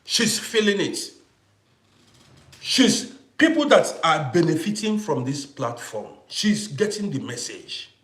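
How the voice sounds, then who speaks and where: A young man talking forcefully to viewers in a casual livestream and thanking them for gifts. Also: a little high, sing-song, slow, roomy sound. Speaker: live stream host.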